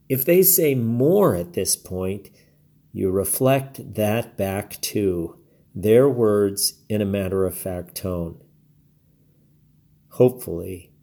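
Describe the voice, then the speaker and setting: A man reading his blog post aloud, giving calm, measured advice and quoting imagined dialogue. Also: medium pitch. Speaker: blog narrator.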